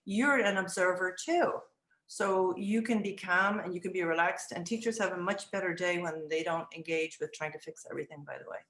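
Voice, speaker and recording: A middle-aged woman in an interview, reflecting on teaching children in a thoughtful way, often restarting her sentences and acting out gentle phrases she would say to a child. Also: fairly low pitch, brisk. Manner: acts out gentle words to children. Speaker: early childhood education director. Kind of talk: interview answers. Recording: roomy echo.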